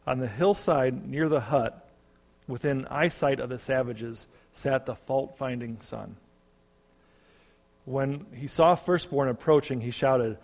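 A man, a pastor, narrating a parable in a measured storytelling sermon. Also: medium pitch, gravelly, darkish tone. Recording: long reverb.

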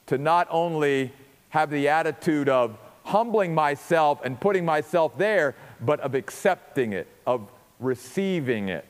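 Pastor guy preaching, pretty high voice, earnest, repeats himself building up, big hall echo. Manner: earnest, emphatic, repeats words as he builds a point. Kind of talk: sermon.

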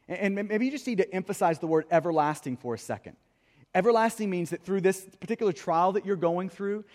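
A man's voice: high-pitched, a little mellow, in a large hall. A man preaching a sermon as pastor, earnest, often repeating the first word of a phrase. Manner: earnest, repeats words when starting phrases. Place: church hall.

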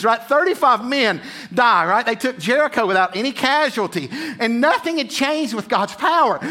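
A man's voice: high-pitched, sharp tone. A male pastor preaching a sermon, reading scripture aloud and often repeating words as he builds intensity.

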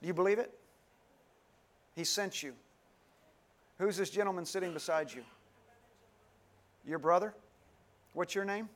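A man's voice: high voice, a little slow, long pauses. A man preaching a sermon to a live congregation, repeating his questions, leading call-and-response and calling on listeners by name. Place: dim church hall, live congregation.

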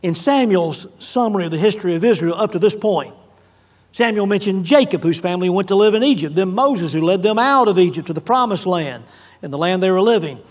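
High-voiced man preaching a sermon. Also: expressive, a little fast. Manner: earnest preaching, rising and falling emphasis, asides to the congregation. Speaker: pastor.

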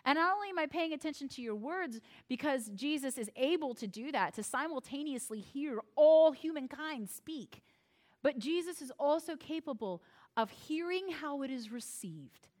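A woman pastor preaching a sermon from the United States, expressive and playful, with self-deprecating humor and acted-out quotes. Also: sits high, moderate pace.

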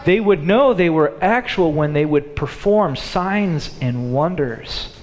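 A man preaching a sermon in an animated way, acting out the thoughts of the people in his story. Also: on the high side, slow. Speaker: pastor. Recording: long hall reverb.

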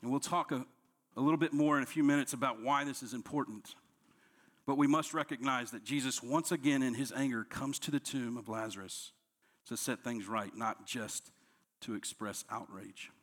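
Man preaching a sermon, soft and earnest. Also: moderate pace. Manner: preaching with strong swings between soft, low lines and raised, higher quoted outbursts. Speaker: pastor.

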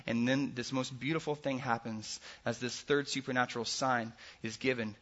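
A man preaching a sermon as a pastor, earnest, with his voice swinging between loud emphasis and soft hushed passages. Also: medium pitch, fairly even intonation, moderate pace, dull audio.

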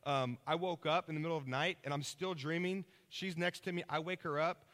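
A man preaching a sermon, telling lively stories and checking in with his listeners. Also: on the high side, fairly quick, long reverb tail. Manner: energetic storytelling, checks in with listeners.

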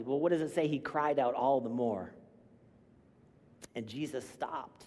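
A man's voice: medium pitch, unhurried, long pauses. Man preaching in a reverberant church. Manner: emphatic, rising to loud cries on key lines. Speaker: pastor. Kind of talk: sermon. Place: church sanctuary. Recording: long hall reverb.

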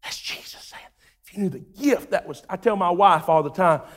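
A man preaching a sermon, telling a story in a relaxed way, acting out its voices and building to shouted preaching. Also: high-pitched, moderate pace. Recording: long hall reverb.

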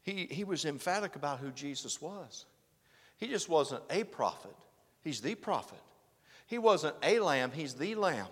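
A man preaching a sermon, swinging from loud exclamations to hushed, earnest lines. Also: a little high, very animated, a little slow, slightly rough. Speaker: pastor. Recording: preaching in a reverberant hall.

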